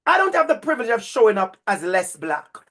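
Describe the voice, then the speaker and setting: High-voiced man with a Jamaican accent. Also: very animated, a little fast, a bit bright. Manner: emphatic, preacher-like repetition. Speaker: university lecturer. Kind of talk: lecture to a teacher cohort.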